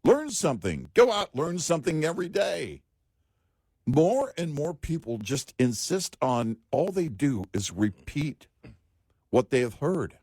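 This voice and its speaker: Animated, opinionated male radio co-host. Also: a little high, unhurried, husky, dry recording, clean studio sound. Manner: opinionated, emphatic, joking. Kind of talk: talk radio banter.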